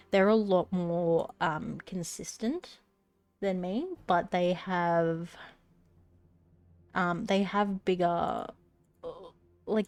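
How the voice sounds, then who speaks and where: A woman's voice: lowish voice, darkish tone, no echo. Congested woman streamer chatting. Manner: rambling, swears casually, self-correcting. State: slightly out of breath. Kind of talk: casual live-stream chat.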